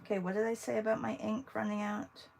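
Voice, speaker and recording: A woman's voice: mid-range voice, little pitch movement, quick pace, vocal fry, a little mellow, slight background noise, poor audio. A woman art teacher chatting casually with viewers while she draws, thinking aloud as she works. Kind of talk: casual livestream drawing demo.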